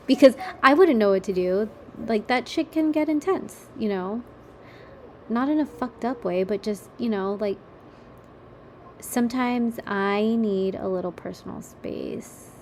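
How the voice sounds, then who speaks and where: A woman's voice: on the high side, a little slow, darkish tone, a little hiss or hum. A young adult woman hosting a casual solo podcast from her kitchen table, chatty and rambling, swearing casually and laughing at herself. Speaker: podcast host.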